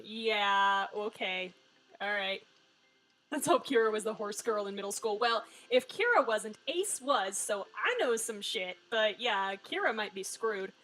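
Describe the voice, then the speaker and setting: A woman's voice: medium pitch, lively intonation, measured pace, a bit bright, rough recording. A woman live-streaming a story game, giving wry, joking commentary and swearing freely. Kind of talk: casual live-stream commentary, reading game lines aloud.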